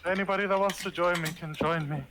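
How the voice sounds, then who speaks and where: A man's voice: high-pitched, steady tone, fast, background noise. A man playing a tabletop game, giving short easygoing replies. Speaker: player. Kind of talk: casual tabletop game chat.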